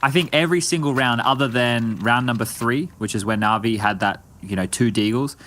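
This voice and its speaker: A man's voice: medium pitch, fairly quick, fairly bright tone. A man giving chatty, analytical color commentary on an esports match, with the odd joke.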